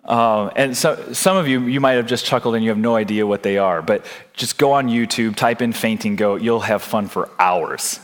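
A man's voice: lowish voice, normal speed, few pauses. A man preaching a sermon as a pastor, earnest, putting questions to his congregation.

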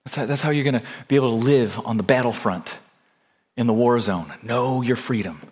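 A man's voice: mid-range voice, fairly quick, a little mellow, breathy edge. A man preaching a sermon as a pastor, earnest, putting questions to his congregation.

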